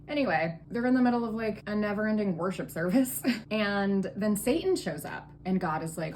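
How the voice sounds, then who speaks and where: A woman's voice: medium pitch, animated, normal speed, hardly any pauses, darkish tone, a little hiss or hum. A tipsy woman retelling a Bible story for comedy in a sarcastic, profane, valley-girl way.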